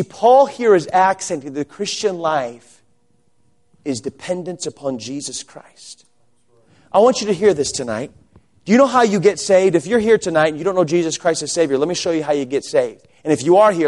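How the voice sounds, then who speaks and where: A pastor preaching a sermon to his congregation in a church. He keeps asking rhetorical questions and swings between quiet low asides and loud, raised emphasis. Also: lively intonation, normal speed. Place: church sanctuary.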